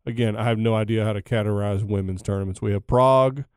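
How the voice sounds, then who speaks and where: A man's voice: fairly low pitch, steady tone, fast talker, darkish tone, no echo, clean studio sound. A man co-hosting a casual tennis podcast, joking and rambling in a self-mocking way. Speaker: podcast co-host. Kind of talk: casual chat.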